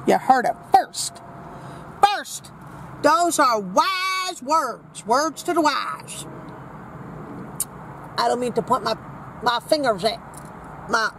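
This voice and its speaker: A woman's voice: high-pitched, vocal fry, fairly bright tone, slight background noise, exaggerated voice, poor audio. A woman playing a vain, brash old granny character, rambling with sassy, crude asides from inside a parked car. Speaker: comedy vlogger in character.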